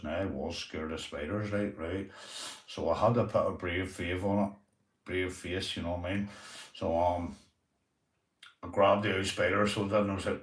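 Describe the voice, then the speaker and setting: Northern irish guy chatting on his stream, lowish voice, a bit far off the mic. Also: steady tone, moderate pace, roomy sound. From Northern Ireland. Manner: chatty, sweary storytelling, talks to viewers. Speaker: livestream host. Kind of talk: casual livestream chat.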